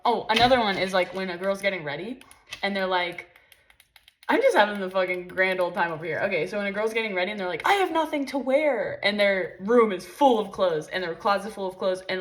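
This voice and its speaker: A woman's voice: mid-range voice, a bit bright. Frank, chatty young woman vlogging. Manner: frank, profane, chatty with many fillers. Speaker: spiritual vlogger. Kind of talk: casual rambling monologue.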